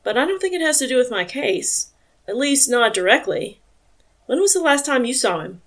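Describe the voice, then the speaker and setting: A woman gives an audiobook man who has lost his memory and pushes his friends for answers. He questions in quick bursts but stays kind underneath. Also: sits high, sing-song, pitched above the performer's own voice. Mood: gentle. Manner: pressing, gentle questions. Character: adult man, frustrated amnesiac cop.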